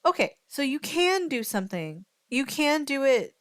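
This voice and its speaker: A woman's voice: sits high, very animated, normal speed, no room sound. A woman streamer chatting casually, thinking aloud and greeting her chat viewers. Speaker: streamer reacting to a story video.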